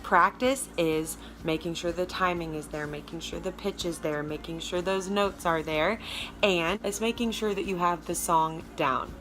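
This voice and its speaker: A woman vocal coach with a Southern American accent and a low alto speaking voice, giving a chatty, emphatic lesson straight to her viewers. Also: normal speed, fairly bright tone. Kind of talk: casual video lesson.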